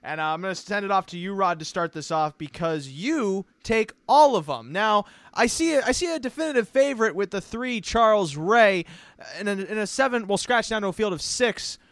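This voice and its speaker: A man's voice: high-pitched, lively intonation, normal speed, fairly bright tone, no echo. A man hosting a horse racing podcast, breaking down picks with joking, self-mocking asides. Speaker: podcast host. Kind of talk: horse racing handicapping talk.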